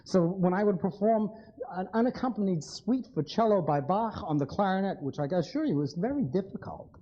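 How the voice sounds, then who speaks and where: A man's voice: high voice, lively intonation, brisk, highs cut off. A man giving a live lecture, blunt and wry, speaking straight to his audience.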